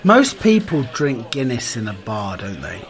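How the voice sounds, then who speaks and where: A man co-hosting a casual podcast, making relaxed, matter-of-fact remarks. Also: mid-range voice, unhurried. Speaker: podcast co-host.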